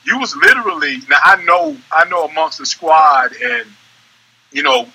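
A young adult man co-hosting a podcast in casual chat, animated and rambling, repeating words as he talks. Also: a little high, normal speed, breathy edge, low-quality recording. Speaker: podcast co-host.

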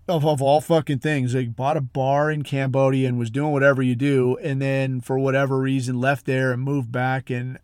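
A man's voice: medium pitch, smooth, no echo, studio quality. A man hosting a podcast, telling a long rambling story in blunt, profane, casual talk full of fillers. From military special operations community. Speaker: podcast host.

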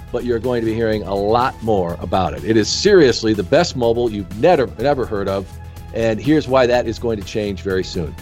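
A man's voice: mid-range voice, a little mellow. A man hosting an interview show and reading an ad in a folksy, salesman-like way. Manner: folksy, salesman-like, asks quick questions. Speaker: podcast host. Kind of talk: interview and live-read ad.

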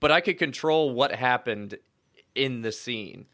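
A young man telling stories in casual chat, slangy and animated, acting out what he said with big bursts of excitement. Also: medium pitch, measured pace. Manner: animated storyteller, slangy, acts out quotes loudly.

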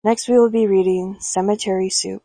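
Brief: woman storyteller, gravelly and breathy, close and dry. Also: medium pitch, steady tone, moderate pace, mellow, dry recording, rough recording. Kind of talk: storybook reading aloud.

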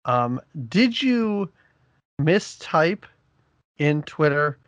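A man's voice: a little high, big pitch swings, very slow, fairly bright tone, no room sound. A man co-hosting a podcast, friendly and rambling, joking about his own mistakes. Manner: friendly, rambling, self-deprecating. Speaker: podcast co-host. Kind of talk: casual podcast chat.

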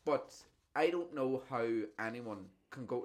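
A man in a casual podcast chat. He tells his stories in an animated way and swears freely. His voice sits at an ordinary middle pitch. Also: measured pace. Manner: animated, profane storytelling. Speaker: podcast host.

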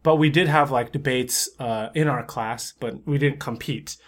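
A man in casual conversation as a podcast co-host. His voice is of ordinary pitch. He rambles through stories, teases his partner and laughs a lot. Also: normal speed. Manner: rambling, teasing, laughs often. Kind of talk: casual chat.

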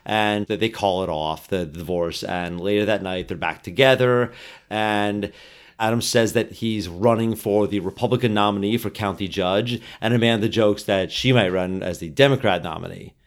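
A man co-hosting a casual movie podcast, recapping the plot in a relaxed way. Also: fairly low pitch, moderate pace. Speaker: podcast co-host.

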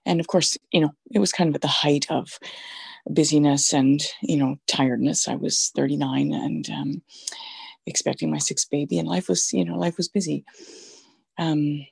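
A middle-aged woman with a weak, husky voice shares a personal faith testimony, halting and reflective, with many fillers. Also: sits low, steady tone, darkish tone, dry recording. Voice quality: gravelly, husky voice. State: voice sounds weak or flaky. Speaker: Catholic mother sharing testimony.

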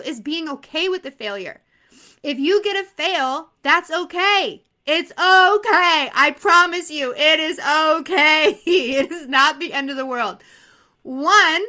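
A woman giving an energetic motivational talk to insurance exam students, laughing often and repeating phrases for emphasis. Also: high-pitched.

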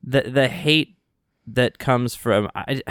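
A man co-hosting a casual podcast chat, talking in an animated, rambling way with frequent restarts. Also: medium pitch, slow pace, smooth, no echo, studio quality. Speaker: podcast co-host.

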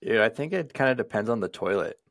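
Male co-host, gravelly voice, rambling casual talk, dry close mic. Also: lowish voice, animated, fast, a bit bright, no echo. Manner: laid-back, rambling, crude. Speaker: podcast co-host. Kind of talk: casual podcast chat.

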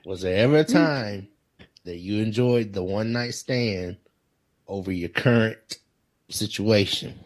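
A man's voice: on the low side, a little slow. A man co-hosting a podcast in casual chat who laughs often, exclaims and repeats himself while asking questions. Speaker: podcast co-host.

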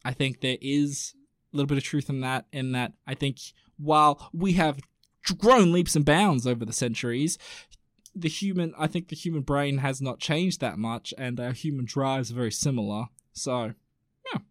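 In studio-quality sound with no echo, a mid-range-voiced man hosts a podcast and reads out listener messages. His casual chat rambles, full of fillers and asides.

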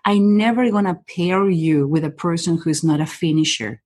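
A woman with a slightly low, husky voice talks through a podcast as a behavior expert. Her non-native English phrasing is blunt and direct, laying out one reading of the listener after another. She drops in an affectionate "honey" as she goes. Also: darkish tone. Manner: direct and rapid-fire, reads the listener point by point, says "honey". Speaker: guest, human behavior expert. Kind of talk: casual podcast conversation.

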